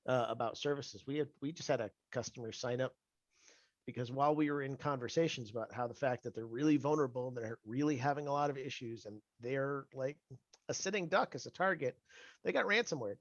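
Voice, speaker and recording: A chatty man hosting an interview over a remote call, mid-pitched and joking, often restarting his sentences. His voice sounds dull and lo-fi, set very close and dry. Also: brisk, no room sound. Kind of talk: casual conversational interview.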